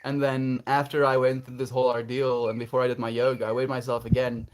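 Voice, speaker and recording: A man's voice: mid-range voice, level tone, fast, slight background noise. A man chatting casually on a livestream, reflective and earnest, laughing often as he answers his chat.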